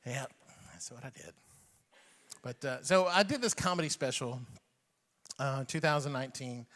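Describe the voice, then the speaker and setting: A man in his forties from Iran, doing animated stand-up comedy and chuckling at his own jokes. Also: medium pitch, moderate pace. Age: 40s. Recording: long hall reverb on stage.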